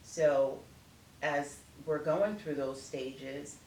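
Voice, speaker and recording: A middle-aged woman speaking as an interview guest, an animated storyteller who acts out family conversations. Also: low-pitched, extremely slow. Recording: echoey room, distant from mic, faint noise.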